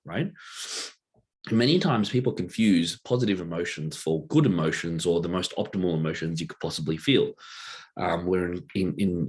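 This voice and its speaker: A man with a very low, husky voice gives a relaxed teaching talk. He speaks loosely and conversationally, checking in with the listener again and again while sketching a diagram to explain his point. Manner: loose and conversational, many fillers and rhetorical "right?". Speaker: workshop presenter.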